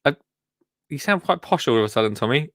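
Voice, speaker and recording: A man from the United Kingdom hosting a live podcast, animated and quick to laugh and exclaim in disbelief. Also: mid-range voice, no echo. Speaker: podcast host.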